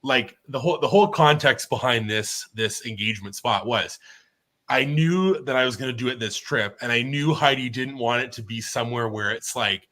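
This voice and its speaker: A man's voice: mid-range voice, moderate pace, fairly bright tone. A man hosting a live-streamed casual chat who rambles with lots of fillers and reads out viewer votes. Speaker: host.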